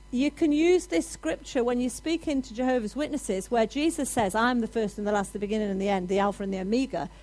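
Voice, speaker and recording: High-voiced animated woman preacher. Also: fast, few pauses, low-quality recording. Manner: animated, rising to loud declarations. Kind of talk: sermon.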